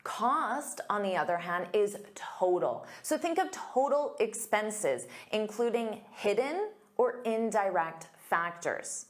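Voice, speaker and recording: A woman coaching English learners at an unhurried pace, stretching out each word so it lands clearly. Her pitch sits in an ordinary middle range. She sounds like an online teacher walking through quiz examples. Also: animated. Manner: slow, deliberate, clear enunciation.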